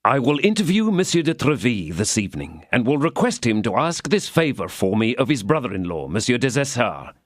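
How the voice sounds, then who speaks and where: A man's voice: mid-range voice, big pitch swings, a little fast, hardly any pauses, no echo, clean studio sound. A man voicing an ardent young swordsman in a storybook reading, making eager, gallant declarations.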